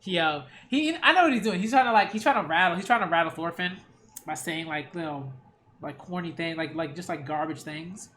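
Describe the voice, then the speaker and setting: A man hosting a reaction video, commenting casually in an excitable, slangy way with frequent exclamations. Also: a little high, brisk, slight background noise.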